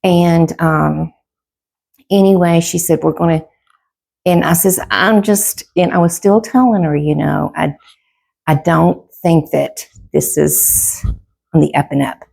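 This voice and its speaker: A middle-aged woman tells a rambling personal story, heavy with fillers. Her voice is deep, strongly gravelly and dark. It carries a husky edge. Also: fairly even intonation, takes it slowly. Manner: rambling, full of fillers and quoted back-and-forth. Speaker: vlogger telling a personal story. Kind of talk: casual storytelling to camera.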